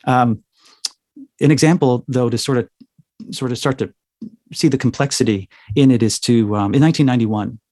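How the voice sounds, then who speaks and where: A man's voice: medium pitch, moderate pace, long pauses, a little mellow, no echo, clean studio sound. A man as an interview guest, talking in a thoughtful, lecturing way and often checking in with "right?". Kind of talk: interview answer, explanatory.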